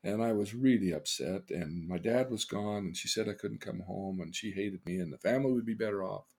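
An older man, a podcast host, earnestly telling personal stories, his voice swinging between loud and hushed. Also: on the low side, brisk, husky. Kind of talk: personal storytelling.

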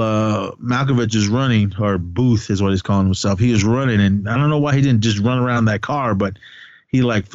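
A man with a lowish voice talks through a film plot in a loose, rambling way, stopping and restarting and swearing offhand. The sound is dry and a little dull, like lo-fi podcast audio. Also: no room sound. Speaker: podcast co-host. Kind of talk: casual movie recap.

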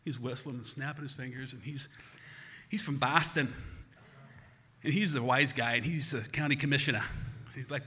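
A man from the United States tells a comic story live, animated and self-mocking, with a bright, forceful voice at a middling pitch. His voice rings with a long hall reverb. A faint hiss sits underneath. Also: moderate pace, long pauses.

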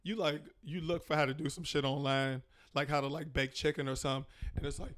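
A man from Maryland, a comedian guest in a casual podcast chat, ranting in slangy, animated bursts with mocking impressions. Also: a little high, quick pace, few pauses. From Prince George's County, Maryland.

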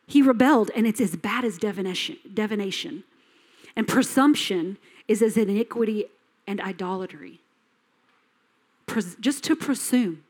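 A woman's voice: fairly high pitch, lively intonation, normal speed, slightly rough. A middle-aged woman pastor from Texas preaching a sermon, reading scripture aloud and breaking into emphatic, passionate asides. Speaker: lead pastor.

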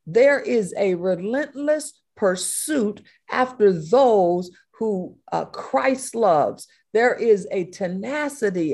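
Creaky-voiced woman preaching with fervor. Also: mid-range voice, a little mellow. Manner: impassioned, emphatic repetition. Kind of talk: sermon.

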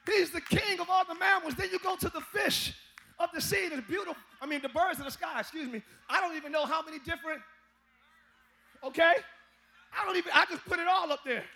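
Preacher guy with a really high gravelly voice, bright and punchy, hollering and joking at the crowd. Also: a little fast, slight background noise. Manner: animated, humorous preaching with shouts and chanting. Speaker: pastor. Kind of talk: sermon. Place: church sanctuary.

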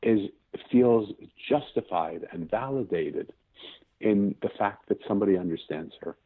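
A man's voice: on the low side, measured pace. A man in his fifties, an interview guest, telling a personal story in an earnest way, often restarting sentences as he searches for words. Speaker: podcast guest. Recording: tinny phone-like line.

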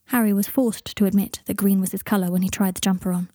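A woman narrating a story in a calm, even reading voice on a close microphone. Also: medium pitch, fast talker, hardly any pauses, no echo. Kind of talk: storybook narration of fan fiction.

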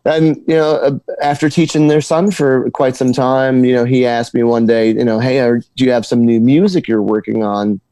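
Halting, chatty New man. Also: medium pitch, steady tone, warm tone, clear, resonant tone, no room sound. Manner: halting, repeats words, laughs while telling stories. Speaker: guitar teacher and musician. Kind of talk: casual interview storytelling.

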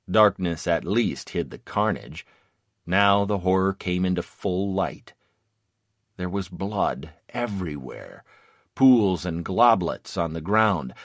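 A man narrating a first-person memoir in a measured, grave reading. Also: sits low, no echo, clean studio sound.

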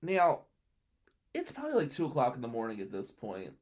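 Speaking briskly in a darkish, mid-range voice with huge pitch swings, a young man rambles through a casual personal story, laughing between lines.

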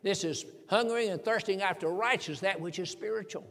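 A man's voice: high-pitched, a little fast, a bit bright. An older man preaching a sermon, earnest and repeating key phrases for emphasis. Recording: long reverb in a large hall.

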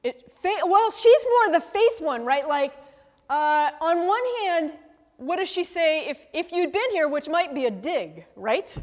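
Woman teaching bible study, high voice, thinks out loud, lots of "right?", roomy hall echo. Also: big pitch swings, slow pace. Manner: thinks aloud, asks questions, tags with "right?". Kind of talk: conversational scripture teaching. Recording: long reverb from a hall.

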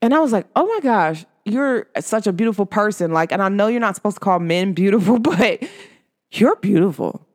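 A woman hosts her own podcast in a loose, chatty way. She tells stories with animated energy and scatters "like" through her speech. Her voice sits at an ordinary middle pitch. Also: normal speed. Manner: animated storytelling, filler-heavy with frequent "like". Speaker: podcast host. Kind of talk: casual spiritual chat.

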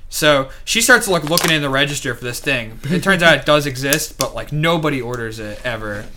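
A young man chatting casually on a podcast, telling animated work stories and jumping into high voices to quote people. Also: brisk, background noise. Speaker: podcast co-host. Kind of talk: casual chat.

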